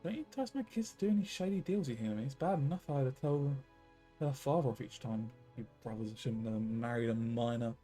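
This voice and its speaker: A man voicing a sharp-tongued middle-aged village woman who scolds her relatives, reading game dialogue aloud. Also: medium pitch, animated, fairly quick, faint music behind, lightly acted. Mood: scolding. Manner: scolding, reproachful.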